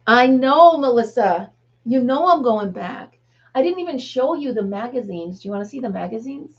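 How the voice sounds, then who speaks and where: A woman's voice: on the high side, lively intonation, unhurried, pauses often, husky, highs cut off. A woman in her fifties, a grandmother, hosting a casual live chat with viewers, rambling and laughing often. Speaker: livestream host.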